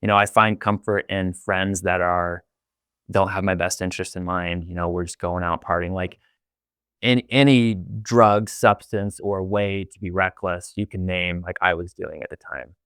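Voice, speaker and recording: Low gravelly young man, candid. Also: steady tone, moderate pace, fairly bright tone, dry recording, studio quality. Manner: candid, rambling, heavy use of filler "like". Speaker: podcast guest. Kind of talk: casual interview storytelling.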